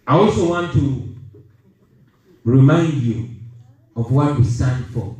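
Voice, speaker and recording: A Ugandan man in his thirties giving a rallying speech to an audience, emphatic and deliberate, leaning on repeated key phrases. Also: mid-range voice, warm tone. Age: 30s. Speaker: political speaker. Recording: echoey room, voice heard from a distance.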